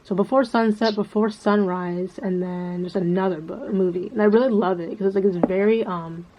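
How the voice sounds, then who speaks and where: Lady vlogger rambling and cursing a lot, flat lowish voice, dull lo-fi audio. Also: normal speed. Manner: profane, rambling, lots of filler words. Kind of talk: casual rambling monologue. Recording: dull lo-fi sound with faint background noise.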